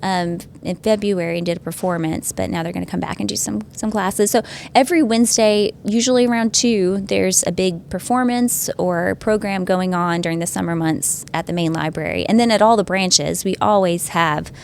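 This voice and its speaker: A woman in her thirties, a librarian guest chatting eagerly on a podcast and pausing often on "um". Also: on the low side, creaky, slight background noise. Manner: chatty and enthusiastic, with frequent "um" pauses. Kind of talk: casual chat.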